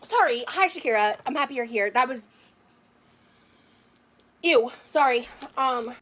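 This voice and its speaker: A woman's voice: high-pitched, expressive, unhurried, fairly bright tone. A woman livestreamer talking to her chat late at night, greeting viewers by name and swearing when annoyed.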